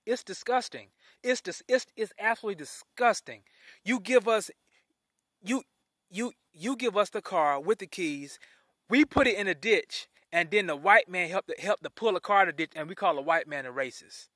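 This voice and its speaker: A man's voice: high voice, lively intonation, moderate pace, a bit bright, dry recording, clean studio sound. A man ranting his opinions in a vlog, indignant and repeating himself as he restarts phrases. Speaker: vlogger. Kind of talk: opinion rant to camera.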